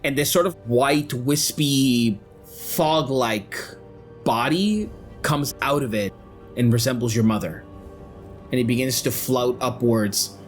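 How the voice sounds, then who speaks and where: A young man narrates a tabletop game as game master, setting scenes in a measured, descriptive voice. His pitch sits at a middle level. Faint music plays behind him.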